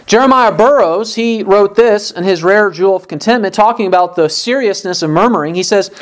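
An earnest preacher delivers a sermon, pressing the listeners with one rhetorical question after another. The voice sits at a middle pitch and keeps a steady, urging tone. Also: brisk. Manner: acts out complaining voices in quotes.

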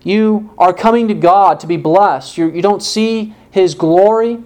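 A man's voice: high voice, a little slow, darkish tone. A man preaching an earnest sermon, asking rhetorical questions and telling an illustrative story.

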